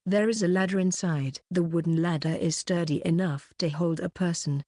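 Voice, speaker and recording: A woman reading a web novel aloud as an audiobook narrator, keeping one even voice throughout. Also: fairly low pitch, moderate pace, no room sound.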